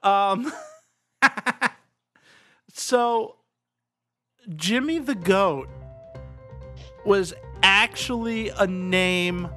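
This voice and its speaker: A man's voice: high voice, drawn-out words, long pauses, a bit bright, faint music behind. A man hosting a casual podcast chat and running the game, rambling and easygoing with frequent chuckles.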